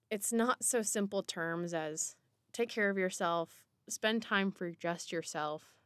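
Woman podcast host, solo reflective talk, warmly encouraging, pausing often, dry close sound. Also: lowish voice, clean tone, dry recording. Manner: encouraging, unhurried, with pauses and restarts.

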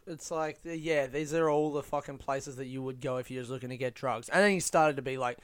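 Young male comedian, sardonic and profane storyteller, clean smooth tone. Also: mid-range voice, normal speed. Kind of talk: casual comic storytelling.

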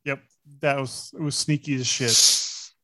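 Excitable man in casual banter. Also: medium pitch. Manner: excitable, quick to joke and swear. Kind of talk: casual chat.

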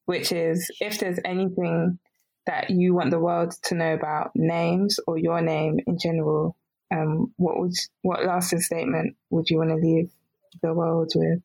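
Podcast host, mid-pitched voice, flat even delivery, laid-back. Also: unhurried, breathy edge, low-quality recording. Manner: easygoing, encouraging. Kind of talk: interview questions.

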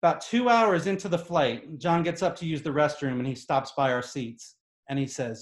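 An animated, exasperated man spins a comic story for a live audience. His voice sits a little high for a man and leans hard on his points. The room adds a clear echo. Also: moderate pace. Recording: echoey room.

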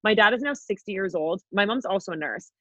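A woman's voice: mid-range voice, animated, fairly quick, fairly bright tone, no echo. A young woman co-hosts a podcast in loose, casual chat. She rambles through stories, laughs often and swears freely. Her voice sounds dry and a little muffled. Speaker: podcast co-host.

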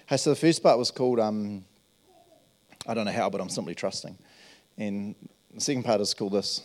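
Preaching a casual, earnest sermon, a pastor weaves in stories and keeps checking in with "right?" His voice is lowish and a little mellow, fairly quick, with frequent pauses.

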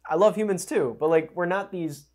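A young man chats as a podcast guest, easygoing and quick to poke fun at himself. His speech is loose and full of fillers, with casual swearing. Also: sits high, darkish tone. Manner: laid-back and self-mocking, swears, hedges with "like". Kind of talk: casual chat.

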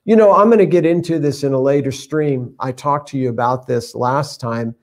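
A man's voice: medium pitch, moderate pace. A man teaching from the Bible on a live stream, reading scripture aloud and explaining it in a conversational way. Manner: conversational, reads scripture aloud, many fillers.

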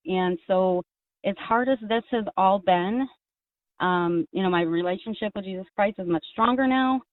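This caller to a talk show has a medium-pitched voice and a moderate pace. She chats casually yet earnestly, wandering off track and starting over many times, all heard through a thin, dry phone connection with no room sound.

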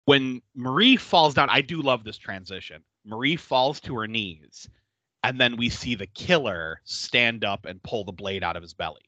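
Lively, bright-voiced man recapping a film. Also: medium pitch, normal speed, no room sound, muffled recording. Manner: animated, laughing often, swears freely. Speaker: podcast host. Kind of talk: casual chat recapping a horror film.

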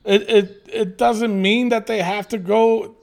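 A man co-hosting a casual chat podcast, reading listener comments aloud with animated swearing and frequent laughter. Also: high voice, slow, gravelly.

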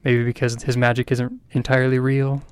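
A man's voice: mid-range voice, little pitch movement, a little fast. A man co-hosting a casual book podcast who talks in a thoughtful, slightly hesitant way. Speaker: podcast co-host.

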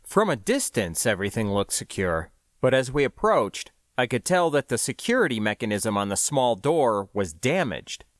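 A man narrating a science fiction audiobook in the first person, with an expressive storytelling delivery. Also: medium pitch, normal speed, dry recording, clean studio sound.

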